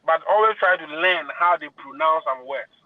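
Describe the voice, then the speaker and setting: Teacher guy calling in, kinda high voice, laughs a lot, tinny phone sound. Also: normal speed. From Ghana. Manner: laughs easily, stumbles and repeats words. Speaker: teacher and guest. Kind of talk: casual conversation.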